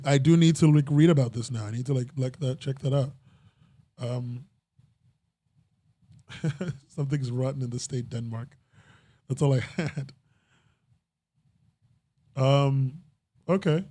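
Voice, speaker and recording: A man's voice: medium pitch, measured pace, pauses often, mellow, no echo. A young man hosting a casual podcast chat, rambling and breaking off mid-sentence, often laughing at himself. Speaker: podcast host.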